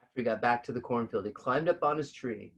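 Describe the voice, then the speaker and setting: A man co-hosting and reading a children's picture book aloud in a calm, measured way. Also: medium pitch. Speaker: storybook reader and co-host.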